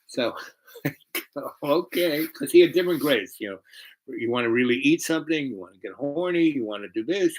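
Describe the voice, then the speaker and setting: A man telling a personal story in a casual, rambling way, animated and full of fillers. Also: mid-range voice, slight background noise, low-quality recording.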